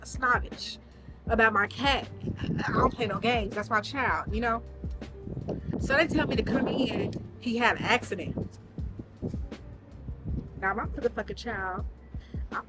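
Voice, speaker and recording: A woman vlogger telling a story in a casual, animated way, full of slang and swearing. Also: on the high side, low-quality recording.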